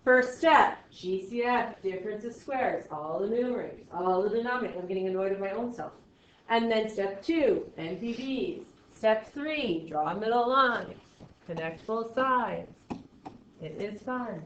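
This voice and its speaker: A woman math teacher giving a classroom lesson to students, talking in a chatty, playful way with jokey asides and swings from loud to quiet. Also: mid-range voice, animated, a little slow. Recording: echoey classroom, dull lo-fi sound.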